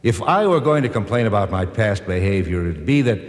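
An actor playing a reflective personification of history, speaking earnestly and gently correcting others. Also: male voice, on the low side, lively intonation, fairly quick, lightly acted. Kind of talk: scripted drama narration. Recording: long reverb.

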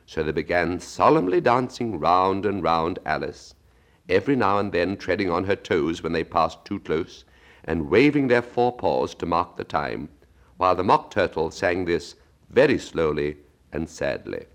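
A man narrating a storybook aloud in a slow, expressive reading. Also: sits low.

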